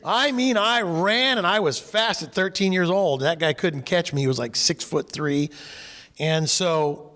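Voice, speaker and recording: A man's voice: high voice, a little slow, long reverb tail. A man from California tells a personal story while leading a faith discussion group, acting out the people in it. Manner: animated, acts out quoted people.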